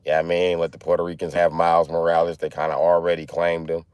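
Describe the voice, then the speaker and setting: A man with a fairly low voice chats loosely on a phone livestream, joking with his viewers. The sound is dry and close, with no room around it. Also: completely flat delivery, quick pace, a little mellow, smooth, no room sound. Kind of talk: casual livestream chat.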